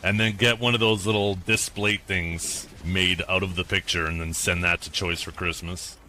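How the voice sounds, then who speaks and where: A man streamer chatting casually and explaining things in a relaxed way. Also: deep voice, normal speed, slight background noise.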